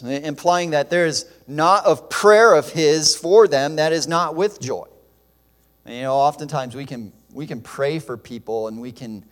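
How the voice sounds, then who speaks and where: A man preaching a sermon in an earnest, emphatic way, with fillers and restarts. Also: medium pitch. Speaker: pastor. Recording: long hall reverb.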